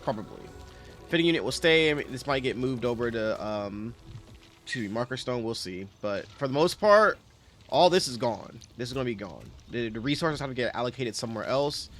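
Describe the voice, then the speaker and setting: A man's voice: medium pitch, expressive, fairly quick, a bit bright, soft background music. A man giving casual, rambling commentary over his factory-building game, correcting himself often as he talks. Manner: rambling, self-correcting, chatty. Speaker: game streamer.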